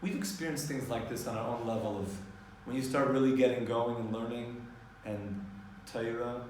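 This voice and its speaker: A man teaching a Torah class, explaining in a lively way and mixing in Hebrew terms. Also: medium pitch, moderate pace, a little hiss or hum. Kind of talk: informal class lecture. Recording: echoey room, distant mic, faint ambience.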